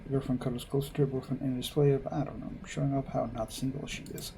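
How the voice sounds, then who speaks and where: A man reading a visual novel aloud and adding wry, deadpan asides. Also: medium pitch, fast, vocal fry, slight background noise, rough recording. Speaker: gamer playing a visual novel.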